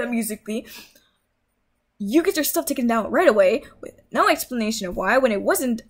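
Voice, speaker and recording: A woman's voice: sits high, slightly rough. A young woman vlogger in a heated, swearing rant, scolding her viewers. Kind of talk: angry rant.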